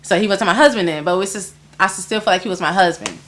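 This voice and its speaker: A woman guest in an interview, telling a story in casual talk, animated and acting out other people's lines, swearing often. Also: lowish voice, fast, a little hiss or hum.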